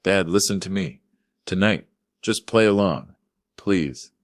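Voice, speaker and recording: A man with a very deep voice voicing an exhausted, desperate adult son who whispers in a trembling voice. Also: slow, dry recording, studio quality.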